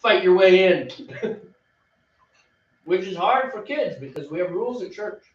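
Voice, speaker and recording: A man's voice: high voice, expressive, measured pace. A man co-hosting a homebrewing show, chatting casually and laughing often. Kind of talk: casual chat while brewing. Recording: roomy, distant, dull sound with faint background noise.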